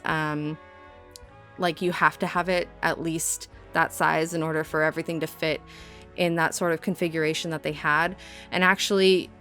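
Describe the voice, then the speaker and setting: A young woman with a slight Minnesotan twang talks through her build in a relaxed, rambling voice-over. Her voice sits a little low, and she often pokes fun at herself. Soft music plays faintly behind her. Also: clear, resonant tone. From Southern California. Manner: chatty, rambling, self-deprecating. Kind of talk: casual voice-over commentary.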